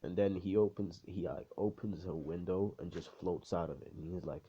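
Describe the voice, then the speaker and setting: A man's voice: sits low, normal speed, hardly any pauses, warm tone, slightly rough, muffled recording. A man telling a fan story in a rambling, profane, casual way, full of fillers.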